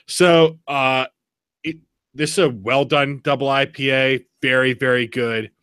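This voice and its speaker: A bright, forceful male voice in casual podcast chat. He tells stories with animated energy and laughs easily. The sound is dry and close. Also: mid-range voice, clear, resonant tone, dry recording. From Pennsylvania. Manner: animated storyteller, quick laughs. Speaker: podcast host.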